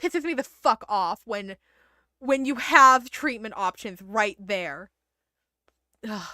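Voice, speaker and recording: A woman giving casual, animated gameplay commentary, blunt and swearing when upset. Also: mid-range voice, slow pace, no room sound, clean studio sound. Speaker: streamer playing a video game.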